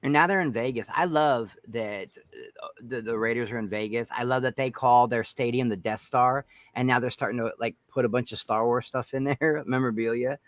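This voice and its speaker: A man from the Chicago area co-hosting a casual sports chat stream, excitable, laughing often and trailing off into mumbles. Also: medium pitch, a little fast, no echo. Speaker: co-host.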